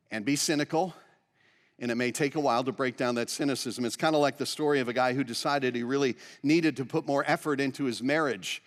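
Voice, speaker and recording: A man's voice: mid-range voice, big-room sound. A man pastor preaching a sermon in an earnest, conversational way, posing rhetorical questions to the congregation. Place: church sanctuary.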